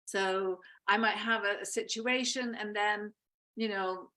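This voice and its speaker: A woman love coach talking in a gentle, reflective, encouraging way in a casual chat. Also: medium pitch, fairly even intonation, a little slow.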